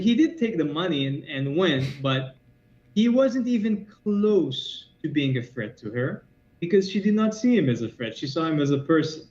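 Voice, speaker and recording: Quick-talking man, echoey dull call audio. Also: a little high, darkish tone. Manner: quick, explanatory, storytelling with asides. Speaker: martial arts teacher, guest. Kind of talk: podcast interview.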